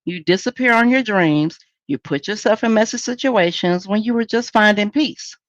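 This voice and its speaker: A woman's voice: medium pitch, normal speed, no echo, lo-fi sound. A woman hosting a solo podcast in a candid, conversational, preachy way. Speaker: podcast host.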